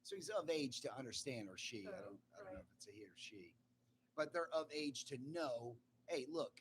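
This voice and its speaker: An animated man from Delaware chats casually on a live show. His pitch swings all over and he breaks into laughs and loud outbursts. A faint hum sits under the recording. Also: fairly quick. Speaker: podcast co-host. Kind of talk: casual chat.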